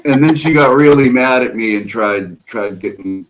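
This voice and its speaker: A man's voice: medium pitch, moderate pace, few pauses, soft background music, poor audio. A man joining a casual chat over a video call, talking bluntly and swearing freely. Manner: blunt, profane. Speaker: co-host.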